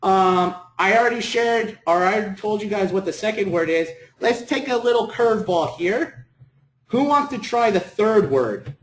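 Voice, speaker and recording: A man's voice: high voice, expressive, moderate pace. A man teaching a classroom lecture, encouraging students and repeating words for them. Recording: echoey classroom.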